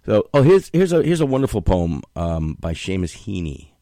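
Gravelly low-voiced man telling stories. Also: sing-song, normal speed, dark tone, no echo, clean studio sound. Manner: storytelling, acts out voices in anecdotes. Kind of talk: casual chat.

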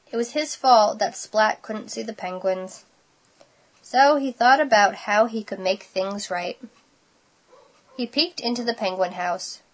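A woman reading a picture book aloud, expressive and unhurried, adding her own asides. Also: medium pitch. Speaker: storybook reader.

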